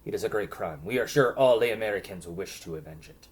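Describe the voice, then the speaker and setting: A man voicing a big male prisoner who speaks formally and gravely. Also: on the low side, lively intonation, fast, lightly acted. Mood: solemn.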